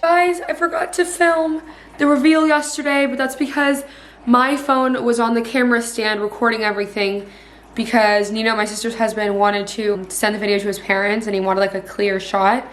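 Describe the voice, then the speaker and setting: A young woman in her twenties chats to a handheld camera at home, casual and bubbly. Her voice sits a touch high, and she strings thoughts together with plenty of "like" and easy fillers. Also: little pitch movement, normal speed, faint music behind. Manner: chatty, bubbly, heavy use of "like". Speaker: vlogger. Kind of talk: casual vlog chat. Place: at home, indoors.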